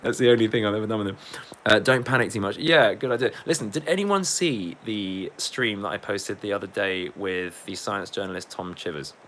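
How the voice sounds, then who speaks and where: A man's voice: on the low side, a little fast, a bit bright, a little hiss or hum. A man chatting casually on a livestream, reading chat comments, rambling, swearing and laughing often.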